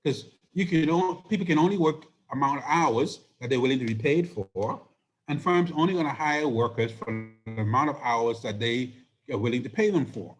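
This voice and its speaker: A man teaching an economics class, hoarse and losing his voice, explaining step by step and asking rhetorical questions. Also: mid-range voice, normal speed, soft background music. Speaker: economics instructor. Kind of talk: recorded lecture.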